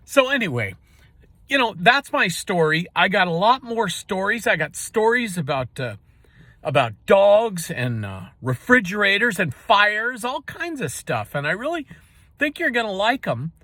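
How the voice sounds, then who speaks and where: A man with a fairly high, very animated voice tells a personal story in a relaxed, folksy ramble. He keeps dropping in casual asides, and the sound is close and dry, with no room around it. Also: unhurried, dry recording. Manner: folksy and rambling, full of "you know" asides. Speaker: storyteller and channel host.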